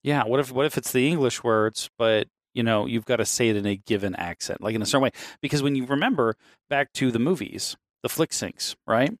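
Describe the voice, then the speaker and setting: A man in mid-range pitch chatting casually as a podcast co-host. He rambles through restarts and swears freely, with a chuckle never far off. The sound is dry and close, with no room around it. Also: fairly quick, no echo. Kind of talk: casual chat.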